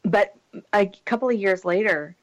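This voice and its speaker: A woman guest on an interview show, telling a dramatic personal story in a lively, animated way with frequent laughter. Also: mid-range voice, normal speed, low-quality recording. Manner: animated storyteller, laughs often, mimics voices.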